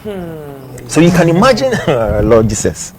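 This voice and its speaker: A man's voice: a little high, very animated, unhurried, noisy background. A man with a Ghanaian accent hosting a talk show, explaining a case point by point. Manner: explains point by point, laughs in between. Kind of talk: news commentary talk show.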